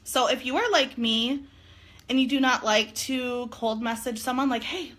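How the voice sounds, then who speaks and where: A woman's voice: on the high side, moderate pace, fairly bright tone. A woman chatting casually on a live stream about sales tips, giggly and peppered with "like". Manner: chatty, giggly, says "like" a lot. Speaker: direct sales consultant.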